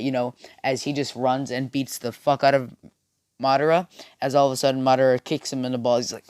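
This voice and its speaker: A man's voice: medium pitch, level tone, a little fast, clear, resonant tone, no echo, clean studio sound. A young man casually telling a made-up fan story, with many fillers and restarts. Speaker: video creator. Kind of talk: rambling fan-fiction storytelling.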